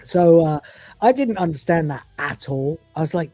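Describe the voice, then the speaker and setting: A man's voice: a little high, animated, normal speed, warm tone, no echo, soft background music. Crude, laughing man in his forties. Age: 40s. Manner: crude, swearing, laughing often. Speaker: podcast co-host reviewing episodes. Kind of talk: casual live review chat.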